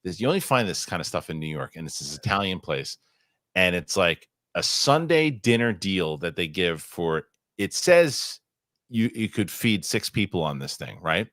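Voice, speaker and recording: A low-pitched man from the United States hosts a podcast with a swinging, animated delivery. He rambles excitably through chat and ad reads, and his middle-aged voice sounds close and dry. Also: moderate pace, no room sound. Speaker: podcast host. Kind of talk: casual chat and live ad reads.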